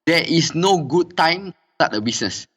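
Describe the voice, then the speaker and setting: A man's voice: fairly high pitch, animated, moderate pace, a bit bright, breathy edge. A middle-aged man, a company director interviewed as a guest, who talks hesitantly with many fillers and repeated "and all" tags. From Singapore. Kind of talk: casual interview conversation.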